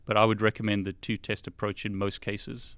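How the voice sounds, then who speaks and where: A man with a South African accent, co-hosting a casual live tech chat, chatty and quick to laugh. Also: fairly low pitch, flat delivery, fairly bright tone, clean tone, no echo. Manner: chatty, laughs easily, many restarts. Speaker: co-host.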